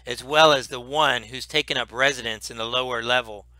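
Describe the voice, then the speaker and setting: A man voicing an old dragon who speaks slowly and hesitantly. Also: mid-range voice, fairly even intonation, bright, forceful tone, no echo, close to an everyday voice. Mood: wary. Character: old wary dragon, slow and measured.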